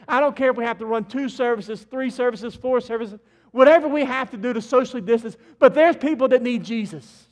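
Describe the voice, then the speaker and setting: A man pastor preaching an impassioned sermon in a church sanctuary, swinging from loud to quiet. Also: very high voice, a little fast.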